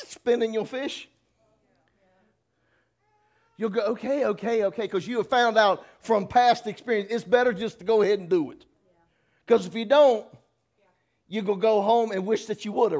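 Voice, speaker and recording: A man's voice: sits high, darkish tone. A man preaching a sermon, folksy and teasing, acting out little voices as he goes. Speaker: pastor.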